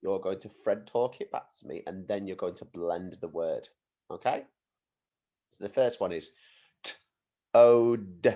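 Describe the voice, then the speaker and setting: A British man teaching young children phonics, talking slowly and clearly and sounding out words in an encouraging way. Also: mellow. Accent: British English. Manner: slow, clear and encouraging, sounding out words and leaping up in pitch on blended words. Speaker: primary school teacher. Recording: dull lo-fi home recording.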